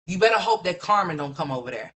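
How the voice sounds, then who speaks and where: A woman's voice: on the low side, lively intonation, fast talker, a bit bright. A woman hosting a livestream, ranting in a blunt, mocking, profane gossip commentary full of rhetorical questions.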